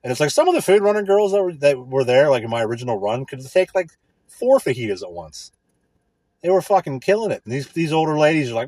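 A man in a casual, profane rant, crude, rambling and sarcastic, with a husky voice. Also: on the high side, big pitch swings, fast talker, darkish tone, no echo.

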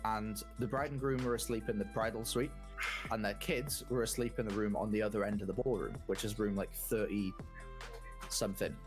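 A man's voice: fairly low pitch, fairly even intonation, brisk, over music. A man telling a hotel ghost story in a casual chat, stammering and restarting often.

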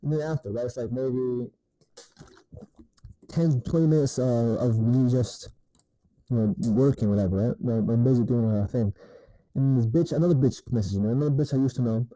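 A man tells a story in a loose, rambling rant, swearing freely and checking in with the listener again and again. His voice is very dark and mellow, and the sound is close and dry. The delivery is casual and unscripted. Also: medium pitch, moderate pace, no room sound, low-quality recording. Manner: rambling and profane, with many repeated "right?" tags. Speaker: podcaster.

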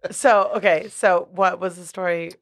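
A woman's voice: lowish voice, steady tone, normal speed. A woman co-hosting a podcast, dropping in short questions and laughing remarks. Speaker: podcast co-host. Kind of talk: casual chat.

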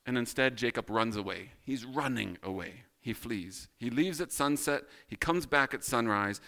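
A man's voice: medium pitch, moderate pace, pushed and bright. A man teaching a Bible study in a casual, self-deprecating way, asking rhetorical questions.

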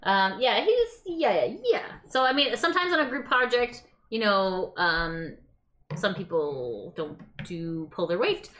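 A woman co-hosting a podcast in casual chat. Her pitch moves a lot, and she hesitates often, padding her thoughts with fillers. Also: very animated, measured pace, a bit bright. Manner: hesitant, filler-heavy, swears. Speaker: podcast co-host.

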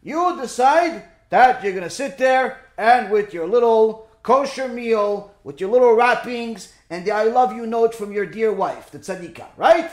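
A man's voice: sits high, measured pace, few pauses. A man giving an informal religious lesson through a story, checking in with his listeners by asking "okay?" and "right?". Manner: animated, peppers points with "okay?" and "right?". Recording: echoey room.

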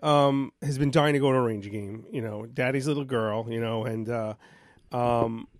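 A man's voice: medium pitch, steady tone, normal speed, no echo. Guy cohosting a podcast, getting over a cold, rambles with lots of ums, dry close mic. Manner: rambling storyteller with filler words. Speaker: podcast co-host. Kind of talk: casual chat.

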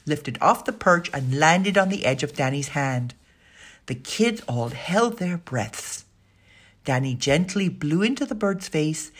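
A woman with a low, slightly husky voice reads a children's storybook aloud. Her pitch moves lively through the sentences, and she lifts her voice for the characters' lines. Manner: expressive, voices the dialogue. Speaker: narrator. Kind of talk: storybook reading.

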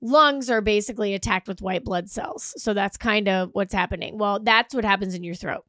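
A woman's voice: medium pitch, moderate pace, dry recording, studio quality. A woman co-hosting a podcast, chatting casually and telling stories with swearing and laughter. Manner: animated, swearing, laughing storyteller. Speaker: podcast co-host. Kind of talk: casual chat.

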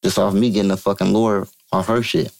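A man from Vallejo, California, telling a story as an interview guest, profane and animated, acting out quotes in a higher voice. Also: fast talker, creaky. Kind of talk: casual storytelling.

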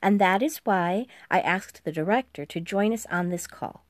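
This is audiobook dialogue in which a woman plays a poised female American president speaking with careful, exact diction in a formal briefing mood. The pitch is medium, the pace moderate, the acting light, and there's no echo.

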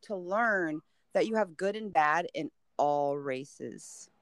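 A woman's voice: sits low, slow pace, no room sound. Teasing woman in casual chat. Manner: animated, teasing, laughs often.

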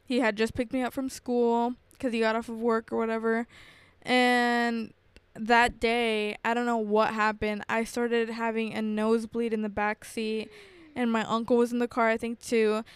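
A young woman with a very smooth, clear, slightly high voice tells childhood stories on a podcast. She talks casually and lively, playing out what her parents said. The sound is close and dry. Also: normal speed, dry recording. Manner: storytelling, animated, acting out quotes. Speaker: podcast co-host. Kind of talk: casual chat.

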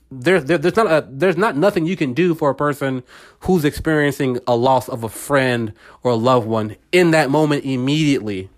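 Earnest preacherly man podcasting. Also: on the high side. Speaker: podcast host. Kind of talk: casual motivational monologue.

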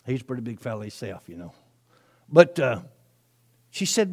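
A man's voice: medium pitch, big pitch swings, normal speed, a little mellow, slightly rough. A male preacher, telling a story in his sermon in a folksy, chatty way with frequent asides.

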